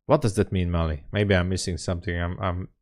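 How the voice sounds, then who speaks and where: Speaking quickly in a low, steady, slightly mellow voice, a Hungarian-accented man runs a live day trading stream from home. He keeps the chat casual and laughs a lot while replying to viewers' comments.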